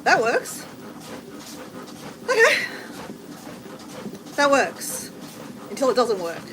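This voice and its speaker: A woman's voice: on the high side, huge pitch swings, very slow. A middle-aged Australian woman hosting a casual livestream while walking on a treadmill, chatting with viewers and answering their comments. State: walking on a treadmill, slightly effortful. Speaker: livestream host. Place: home with renovation banging. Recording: noisy background with banging.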